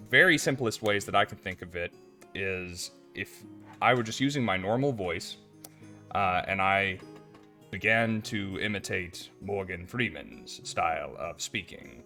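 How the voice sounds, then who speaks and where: Male host, low bright voice, casual self-deprecating chat, faint music underneath. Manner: conversational, thinking aloud, self-deprecating. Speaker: podcast host.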